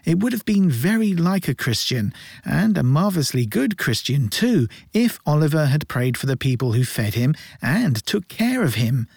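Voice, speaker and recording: A man narrating a classic novel in a measured, gently ironic reading voice. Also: fairly high pitch, very animated, creaky, slightly rough, dry recording, clean studio sound. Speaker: audiobook narrator. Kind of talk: scripted narration.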